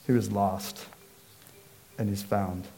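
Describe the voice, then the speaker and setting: A man voicing a gentle, patient father who speaks softly and reassuringly in a retold scripture story. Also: lowish voice, fairly even intonation, slow, gravelly, slight background noise, pitched below the performer's own voice. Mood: tender.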